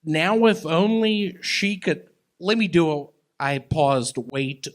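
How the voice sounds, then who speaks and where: A man doing rambling, absurd stand-up and banter on a comedy club stage with a handheld mic. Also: fairly high pitch. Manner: drawling, rambling and absurd, slow and halting. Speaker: stand-up comic guest.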